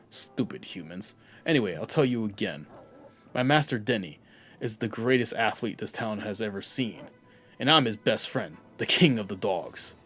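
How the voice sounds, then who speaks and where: A man voicing a proud, grumpy male dog who calls himself king of the dogs, gruff and scornful. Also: on the low side, lively intonation, measured pace, fairly bright tone, voice pushed down.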